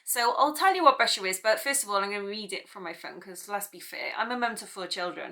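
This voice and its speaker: A chatty British woman hosts an art tutorial in a casual, rambling way, often laughing at herself as she goes. Her voice is bright and forward. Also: medium pitch, animated, quick pace, hardly any pauses. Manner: chatty, self-deprecating, rambling asides. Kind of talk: casual chat to camera.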